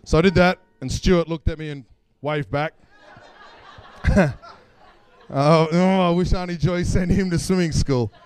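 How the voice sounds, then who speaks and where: A man's voice: fairly high pitch, steady tone, measured pace, long pauses, smooth. A man with an Australian accent telling a personal story on stage at a live event, casual and self-deprecating, chuckling as he goes. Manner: casual, self-deprecating, laughs through lines. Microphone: stage microphone.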